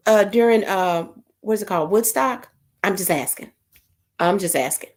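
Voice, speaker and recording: A woman's voice: medium pitch, normal speed, darkish tone. A woman, hosting a casual livestream and reading viewer comments aloud, laughing often and puzzling over unusual names.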